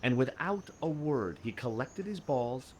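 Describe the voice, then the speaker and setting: Game casting: man voicing a deadpan, sarcastic hero, lively pitch, light ambience behind. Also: measured pace, slight background noise, natural voice. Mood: wry. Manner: dry, sarcastic narration. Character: wry, sardonic male adventurer narrating.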